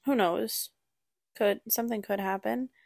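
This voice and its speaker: A woman's voice: medium pitch, fairly even intonation, measured pace, creaky, darkish tone, no room sound, studio quality. A woman co-hosting a casual podcast, reacting to her co-host and explaining her thoughts. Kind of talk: casual chat.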